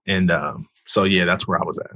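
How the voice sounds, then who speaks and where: A man's voice: low-pitched, steady tone, fairly quick, sharp tone, no room sound. A young man, a pastor from Detroit, earnestly telling his personal story as a podcast guest. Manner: earnest storyteller, rises when reliving the moment. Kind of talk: emotional personal testimony.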